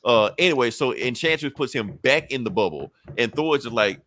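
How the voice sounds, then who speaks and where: A man hosting a podcast, recapping a comic in a casual, animated way, swearing freely and briefly acting out characters' lines. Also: medium pitch, quick pace, few pauses, a little hiss or hum. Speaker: podcast host.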